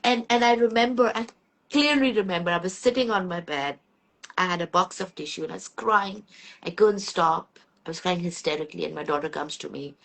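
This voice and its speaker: Low-voiced woman sharing a candid story. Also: a little fast, gravelly, a bit bright. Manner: candid, earnest storytelling about personal grief. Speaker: podcast host. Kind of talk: reflective conversational podcast talk.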